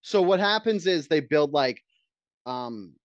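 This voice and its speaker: A man's voice: a little high, expressive, slow pace, no room sound, muffled recording. A man co-hosting a podcast in casual chat, telling stories in a profane, ranting way. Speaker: podcast co-host.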